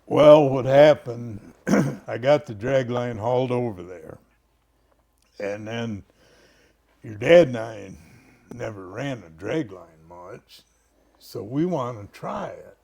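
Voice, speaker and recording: An older man with a gravelly, creaky voice tells a story at an unhurried pace. He chuckles and clears his throat as he reminisces casually about old times. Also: mid-range voice, warm tone. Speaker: family friend.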